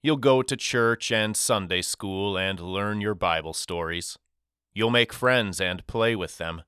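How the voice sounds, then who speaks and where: A man voicing a loving, soft-spoken father talking to his two sons in an audiobook. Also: lowish voice, slow, clean tone, dry recording, studio quality. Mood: tender. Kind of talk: audiobook character reading.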